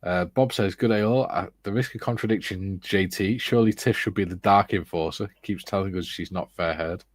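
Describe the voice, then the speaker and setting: A middle-aged man co-hosting a relaxed hobby livestream, reading viewers' comments and adding dry teasing remarks. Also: low-pitched, a little fast, hardly any pauses, no echo. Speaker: co-host of a model-building livestream. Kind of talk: casual chat reading out live comments.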